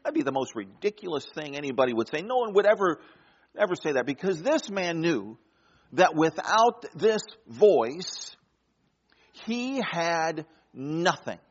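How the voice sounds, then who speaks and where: Male pastor, fairly high voice, storytelling sermon, dull lo-fi recording. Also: big pitch swings, husky, long reverb tail. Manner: storytelling, dramatic pauses and soft drops.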